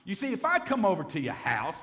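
Folksy pastor preaching. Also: male voice, sits high, wildly swooping pitch, fairly quick, a bit bright. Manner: folksy, with humorous asides and acted-out quotes. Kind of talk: sermon Bible teaching.

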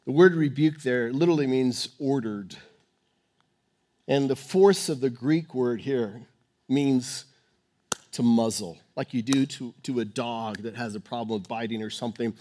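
A man preaching a sermon, emphatic, swinging between loud urging and hushed, quiet tones. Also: mid-range voice, unhurried.

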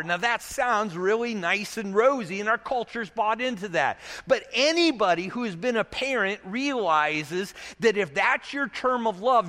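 A man with a high voice preaches, the sound trailing off in a long echo. He talks easily to the congregation and keeps asking rhetorical questions, keeping a sermon-like flow. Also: sharp tone. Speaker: pastor.

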